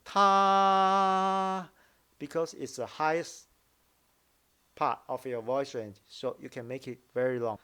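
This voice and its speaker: A man teaching Mandarin tones in a casual lesson, explaining slowly and repeating example syllables. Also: mid-range voice. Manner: slow, repetitive explaining, drawing out example syllables. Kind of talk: casual language lesson commentary.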